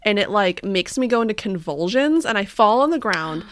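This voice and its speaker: A woman co-hosting a podcast, telling an improvised comic story in a casual, animated way, often slipping into silly high put-on voices. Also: normal speed, dry recording, clean studio sound. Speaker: podcast co-host.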